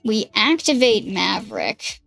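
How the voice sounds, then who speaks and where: Chatty young woman streamer, slow and lively. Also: mid-range voice, creaky, no room sound. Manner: chatty, thinking aloud over moves. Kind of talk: casual gaming livestream commentary. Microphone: headset. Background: faint background music.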